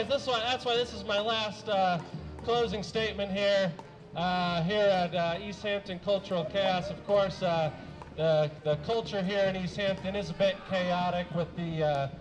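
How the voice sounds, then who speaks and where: This low-quality recording captures a young comic with a high-pitched voice doing deadpan stand-up at a moderate pace on a small stage before a live crowd, with music in the background. He trips over words, says "uh" to fill pauses, and clears his throat from time to time.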